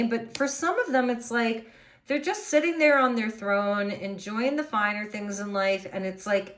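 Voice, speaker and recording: A woman doing a tarot reading, musing and thinking aloud as she turns over the cards. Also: on the high side. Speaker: tarot reader.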